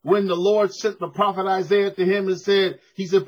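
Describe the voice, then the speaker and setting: A man's voice: sits high, little pitch movement, moderate pace, lo-fi sound. A man preaching a sermon to a congregation in a church, emphatic and conversational, calling for responses. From United States.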